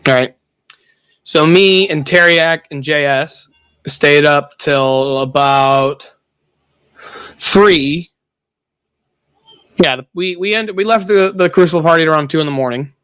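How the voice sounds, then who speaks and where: A man's voice: a little high, fairly bright tone, clean tone, dry recording. A young man streaming, telling a profane party story with frequent laughter. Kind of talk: casual chat.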